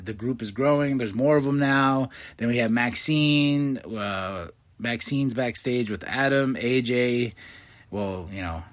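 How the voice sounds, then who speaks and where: An excitable man hosting a podcast and recapping a wrestling show in a loose, chatty monologue. He slips into quick voices to act out what the wrestlers said. His voice sits at an ordinary middle pitch for a man.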